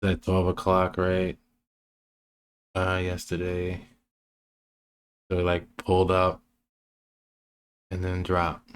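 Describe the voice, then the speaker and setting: A man's voice: low voice, monotone, takes it slowly, pauses often, clear, resonant tone. A man casually walking through trading charts, rambling and restarting his sentences. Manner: rambling, restarts often, many fillers. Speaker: trading educator.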